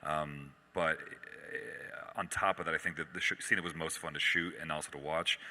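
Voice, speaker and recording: Man, very low voice, crisp bright tone, chatty and rambling, convention panel, hall reverb. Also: steady tone, normal speed. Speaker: panel guest. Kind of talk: casual panel talk. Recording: long echo of a large hall.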